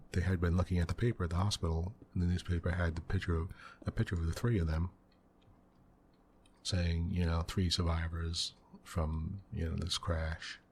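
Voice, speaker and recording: Hushed deep-voiced man, soft ASMR gaming. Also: slight background noise. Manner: rambling storyteller, many "you know" fillers; quiet, hushed delivery. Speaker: gaming channel host.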